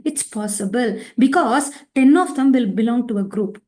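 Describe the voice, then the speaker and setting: A woman giving a teacher training lecture, animated and acting out little scenes. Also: on the high side, moderate pace, few pauses. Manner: animated, acts out child and teacher voices.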